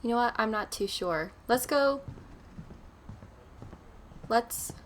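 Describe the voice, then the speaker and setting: A woman's voice: on the high side, expressive, takes it slowly, slight background noise. A woman hosting a horror game let's play, chatty and nervous, talking to herself as she explores. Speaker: gaming channel host.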